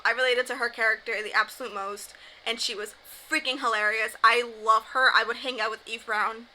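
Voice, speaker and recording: A woman's voice: a little high, sharp tone, a little hiss or hum, poor audio. A young woman book vlogger chatting casually to camera, gushing and emphatic about her favorite reads.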